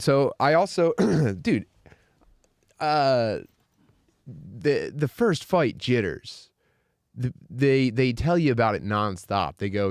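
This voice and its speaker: Lively storytelling man with a low, dry voice. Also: clean tone, dry recording. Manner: animated storyteller, acts out other people's voices. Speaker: podcast host. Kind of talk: casual podcast chat.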